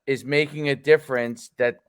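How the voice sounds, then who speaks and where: A man's voice: medium pitch, fairly even intonation, normal speed, clear, resonant tone, no room sound. Emphatic man hosting a podcast. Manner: encouraging, emphatic, repeats himself. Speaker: host and coach. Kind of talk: podcast interview.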